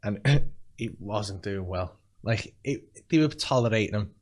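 A man's voice: on the low side, lively intonation, unhurried, darkish tone. A man hosting a comedy podcast, telling rambling anecdotes, laughing often and swearing. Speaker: podcast host and comedy club compere. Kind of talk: casual podcast chat.

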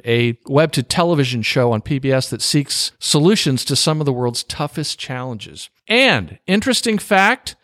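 A man hosting a book podcast in casual interview chat, chatty and quick to laugh at himself. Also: on the high side, dry recording, studio quality. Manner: chatty, laughs often, self-deprecating. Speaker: podcast host.

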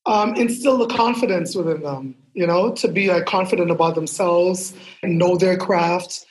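A woman fashion model, a guest in an interview, telling her story in a lively way and acting out what people said. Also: fairly low pitch, moderate pace, poor audio. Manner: lively storyteller who acts out quotes.

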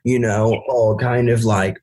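Loud husky Yorkshire man. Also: medium pitch, steady tone, takes it slowly. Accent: Yorkshire English. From Doncaster, England. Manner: loud, rambling, swears freely. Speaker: guest musician. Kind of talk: casual interview chat.

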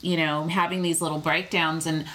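Chatty woman host, bright lower voice. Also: flat delivery, moderate pace, slight background noise, rough recording. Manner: warm, chatty, confiding, filler-heavy. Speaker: podcast host. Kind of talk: casual chat.

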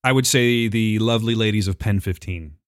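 A man's voice: on the low side, brisk, no echo, studio quality. A man co-hosting a podcast in casual chat, enthusiastic and emphatic, laughing easily. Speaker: podcast co-host.

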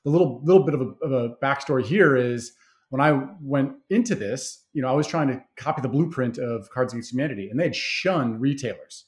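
A man's voice: medium pitch, fairly quick. A man being interviewed about starting his party game company, talking in an easygoing way with plenty of fillers and restarts. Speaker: game creator guest. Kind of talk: conversational interview.

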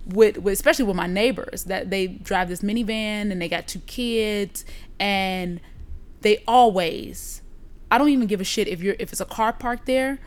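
A woman's voice: mid-range voice, moderate pace. A woman in casual chat, telling a story with lots of profanity and acting out what people said. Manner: animated storytelling, profane, acts out quotes.

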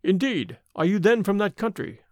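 A man's voice: high voice, animated, moderate pace, darkish tone, no room sound, studio quality. A man voicing a grave, earnest father who fled his homeland, in a story reading. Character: grave male father, fugitive exile.

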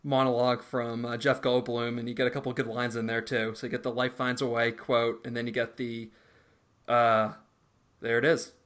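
A man co-hosting a casual podcast who recaps in a loose, rambling way, full of fillers and asides. His voice sits at an ordinary, middle pitch. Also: level tone, moderate pace, a bit bright. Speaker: podcast co-host.

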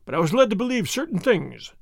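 Man putting on a pompous governor, blustery, flustered, high lively voice. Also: fast talker, vocal fry, husky, no echo, studio quality, full character voice.

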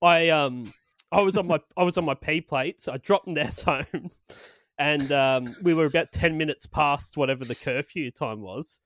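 A man's voice: fairly high pitch, moderate pace, a bit bright. A man co-hosting a podcast, telling a story in casual chat, swearing and laughing often. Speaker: podcast co-host.

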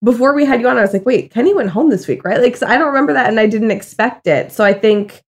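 A woman's voice: a little high, lively intonation, fast, slightly rough. A young woman co-hosting a podcast, chatty and upbeat, telling stories and asking questions. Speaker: podcast co-host. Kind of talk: casual podcast chat.

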